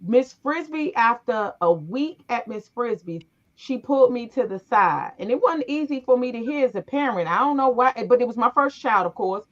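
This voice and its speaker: A woman's voice: fairly high pitch, normal speed, hardly any pauses. A middle-aged woman hosting a casual talk show. She tells family stories with energy and acts out the voices of the people in them. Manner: animated storyteller, acts out voices in her stories. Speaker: podcast host. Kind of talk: casual conversation, storytelling. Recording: muffled, lo-fi recording.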